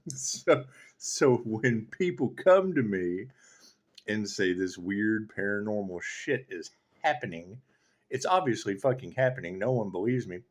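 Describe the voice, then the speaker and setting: Speaking a little slowly in a low voice with lively intonation, a man who reads tarot delivers a casual spiritual rant. It's sardonic and profane, meandering from one thought to the next.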